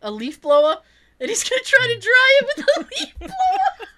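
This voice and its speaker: A woman chatting casually, telling an animated story and acting out the people in it, laughing often. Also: extremely high pitch, moderate pace. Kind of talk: casual chat.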